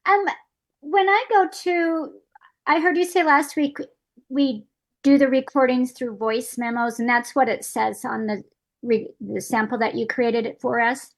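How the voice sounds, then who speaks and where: A woman's voice: high-pitched, steady tone, measured pace. A woman asking questions in a casual online Q&A, hesitant, with frequent fillers and light laughs, over a video call. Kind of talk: casual webinar Q&A.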